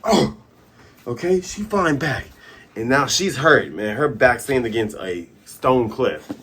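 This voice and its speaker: A man hosting a casual comic recap, animated, breaking into sound effects and character voices. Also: medium pitch, takes it slowly, slight background noise. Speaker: comic reviewer and host.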